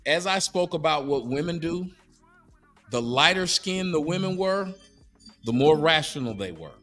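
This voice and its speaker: High-pitched animated preachy man. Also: measured pace, soft background music. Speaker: podcast host. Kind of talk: heated casual debate. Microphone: studio mic.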